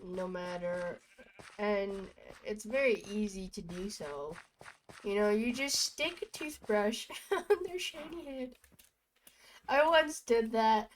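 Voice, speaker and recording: Chatting away as she games, a young woman at home tells goofy, rambling stories punctuated by laughter. She speaks slowly in a mid-range voice with lively intonation, over slight background noise on a rough recording.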